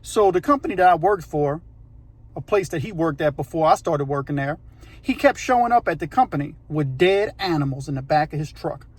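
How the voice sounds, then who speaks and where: A man's voice: on the high side, animated, brisk, no echo. A man, hosting his channel and telling a story emphatically, talking straight to the viewer. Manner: emphatic, addresses the viewer directly. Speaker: channel host. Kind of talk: storytelling narration.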